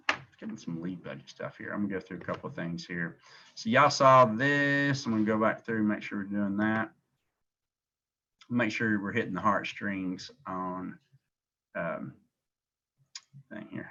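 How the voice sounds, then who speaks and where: A man with a Southern accent runs a sales training call, his voice sitting low and pressing each point again and again. He speaks like a motivated director rallying new agents. The sound is dull and lo-fi, as if carried over a call. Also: pushed and bright. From Tennessee, US. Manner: motivational, emphatic and repetitive. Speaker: agency director.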